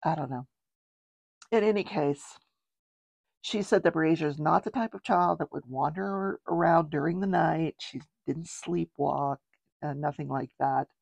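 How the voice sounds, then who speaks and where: A woman's voice: sits low, a little slow, gravelly, a little mellow, no echo. An older woman hosting a show, recapping a trial in a chatty, rambling way with wry asides. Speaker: true-crime show host.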